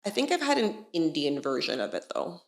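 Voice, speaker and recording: Canadian woman, podcast guest, lively varied pitch, roomy echo. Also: a little fast, creaky. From Toronto area, Canada. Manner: easygoing, laughs readily. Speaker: guest, fitness coach. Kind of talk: casual interview chat.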